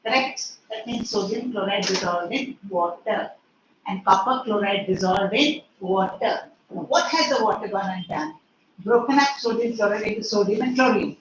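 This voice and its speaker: A woman chemistry teacher with an Indian English accent, lecturing an online class in a strict, scolding way and firing questions at her students. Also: mid-range voice. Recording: echoey room, distant mic, faint noise.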